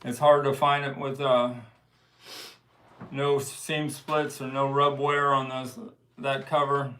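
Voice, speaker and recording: A man hosting a casual livestream, showing and pricing records from his collection in an unhurried show-and-tell manner. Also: medium pitch, flat delivery, fairly bright tone, poor audio. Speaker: livestream host selling records. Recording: faint background noise.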